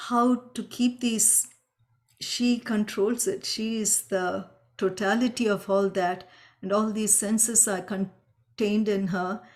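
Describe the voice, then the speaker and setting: A woman teaching the meaning of sacred names in a gentle, explaining way, sometimes chanting mantras, over a video call. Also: medium pitch.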